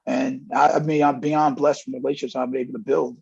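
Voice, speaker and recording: Quick and flat, with a darkish, husky tone and vocal fry, this medium-pitched middle-aged man is a college running backs coach giving a candid interview. He earnestly tells stories packed with acted-out dialogue, captured in dull lo-fi sound.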